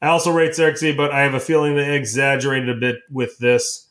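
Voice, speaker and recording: A man's voice: mid-range voice, level tone, brisk, a bit bright. A man co-hosting a casual podcast, teasing friends and telling stories. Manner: teasing, tells anecdotes. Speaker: podcast co-host. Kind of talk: casual chat.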